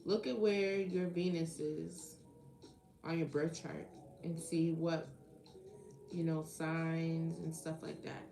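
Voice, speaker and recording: A woman hosts a live tarot stream from home, bantering with her viewers. Her voice has a gravelly, fried edge and sits at a middle pitch. The room is echoey, with faint music playing behind her. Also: little pitch movement, takes it slowly, warm tone. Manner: playful, chatty, reads comments aloud and banters. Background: faint background music.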